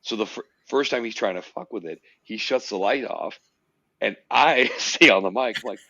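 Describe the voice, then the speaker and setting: Low-voiced guy spinning a story on a podcast, cusses a lot, dull dry lo-fi sound. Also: moderate pace, creaky, no echo. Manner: animated storyteller, swears freely, puts on silly voices in quotes. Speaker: podcast host. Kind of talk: casual storytelling chat.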